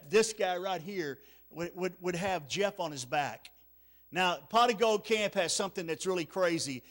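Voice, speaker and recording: Evangelist, higher-pitched man, emotional revival storyteller who goes hushed at sad beats. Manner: emotional, repeats words, drops to near-whisper at sad moments. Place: church sanctuary.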